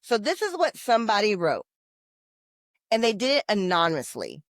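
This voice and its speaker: Animated woman podcast co-host, dry sound. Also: mid-range voice, normal speed, no room sound. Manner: animated, opinionated, bursts of loudness. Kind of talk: casual podcast chat.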